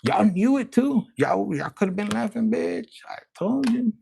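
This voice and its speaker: A man giving a casual tarot reading, rambling, profane and excitable. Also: sits high, unhurried, creaky, slight background noise. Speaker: tarot reader.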